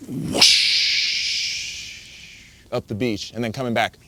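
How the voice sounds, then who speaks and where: A man telling the story of a surfing wipeout in a casual, halting way, full of fillers and quoted thoughts. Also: mid-range voice, background noise. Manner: vivid, halting retelling with many fillers and self-quotes. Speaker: surfer recounting a wipeout.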